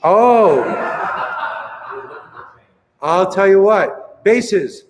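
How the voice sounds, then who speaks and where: High-voiced choir director in a reverberant hall. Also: male voice, lively intonation. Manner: counts in and coaches with brisk encouragement. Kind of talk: choir rehearsal coaching. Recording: reverberant hall with music playing.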